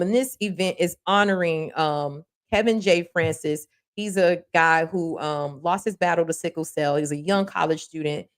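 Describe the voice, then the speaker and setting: Her voice sits low as she hosts a local news livestream in casual talk-show style. Folksy and chatty, she laughs a lot and sends shout-outs to viewers.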